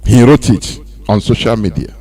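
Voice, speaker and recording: A Nigerian man hosting a radio talk show, speaking in a loose, animated monologue that mixes in pidgin. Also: lowish voice, moderate pace. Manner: animated, mixing pidgin and laughing asides. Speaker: radio host.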